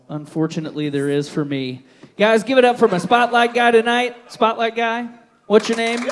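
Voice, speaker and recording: A man's voice: high-pitched, noisy background. A man hosting a live variety show on a bar stage, bantering with the audience in a loose, profane, self-deprecating way. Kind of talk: stand-up style hosting banter.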